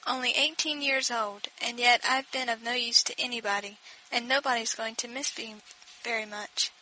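A woman voicing a dying eighteen-year-old girl who speaks faintly and calmly. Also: on the high side, moderate pace, slight background noise, rough recording. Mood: weak, resigned.

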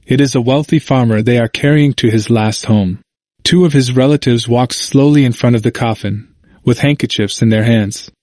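A man reading a historical audiobook in steady, formal scripted narration. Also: medium pitch, moderate pace, no echo, studio quality.

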